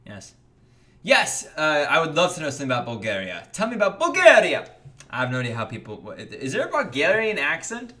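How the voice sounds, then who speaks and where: Brief: young American man hosting a gaming livestream, bright voice, lively pitch that jumps when greeting chat. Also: a little fast. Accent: General American. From United States. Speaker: livestream host. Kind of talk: casual livestream chat reading donations.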